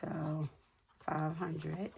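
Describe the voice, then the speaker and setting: A woman's voice: deep voice, little pitch movement, very slow, vocal fry, darkish tone, slight background noise. A woman in her forties from New York City, chatting casually and counting money aloud as she tells stories. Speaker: budgeting vlogger. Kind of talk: casual chat while cash stuffing.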